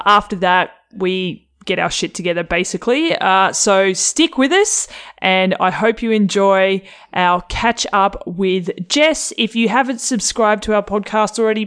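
Woman podcast host, relaxed and chatty, loose easy wording. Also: mid-range voice, clean tone. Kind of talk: casual podcast intro.

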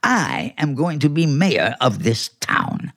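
A man's voice: fairly high pitch, expressive, slow, creaky, a bit bright, exaggerated voice. An actor playing a clever, bossy talking male house cat in a 1940s radio play, smug and theatrical. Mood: scheming.

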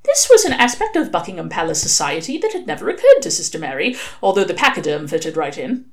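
A woman reading a novel aloud, telling it in an expressive, wry way. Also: lowish voice, quick pace. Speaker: reader.

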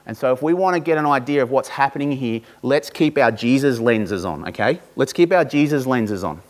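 With a medium-pitched voice and lively intonation, a male pastor preaches by reading scripture slowly and deliberately. Between readings he drops into informal asides to his congregation.

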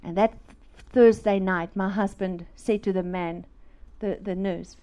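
A woman's voice: medium pitch, fairly even intonation, a little slow, mellow. A woman, telling a personal faith story as a sermon and acting out the voices in it. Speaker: speaker at a church. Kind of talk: testimony sermon.

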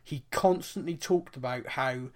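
A man from England hosting a football podcast and chatting casually. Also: medium pitch. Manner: animated, quick asides. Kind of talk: casual chat.

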